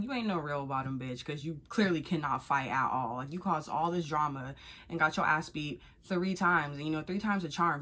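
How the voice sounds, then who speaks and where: A woman's voice: deep voice, a bit bright. A woman vlogger recapping a reality show episode in a blunt, profane, gossipy way. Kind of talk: casual recap commentary.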